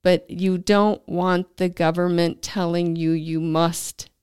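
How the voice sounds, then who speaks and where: A woman's voice: fairly low pitch, flat delivery, takes it slowly, darkish tone, clear, resonant tone, no echo, studio quality. A woman hosting a podcast interview, talking carefully and hesitantly, often trailing off. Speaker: podcast host.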